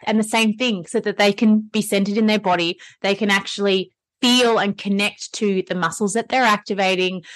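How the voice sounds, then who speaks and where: A woman's voice: medium pitch, fairly even intonation, normal speed, hardly any pauses. A woman hosts a wellness podcast in a chatty, enthusiastic tone. She speaks with an easy mid-range voice as she explains things to her listeners. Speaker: podcast host and Pilates instructor. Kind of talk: casual podcast chat.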